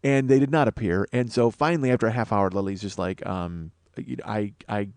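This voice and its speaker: A man's voice: on the low side, fairly quick, a little mellow, dry recording. A man hosting a podcast, telling a rambling comic story in an exasperated, profane, self-mocking way. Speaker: podcast host.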